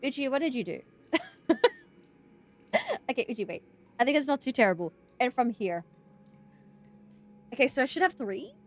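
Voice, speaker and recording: A young Australian woman streaming a horror game and chatting casually with her viewers. She is excitable, thinks out loud, and breaks into loud yelling and laughter. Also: sits high, moderate pace, long pauses. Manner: chatty, talks to chat and thinks aloud. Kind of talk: casual live-stream commentary.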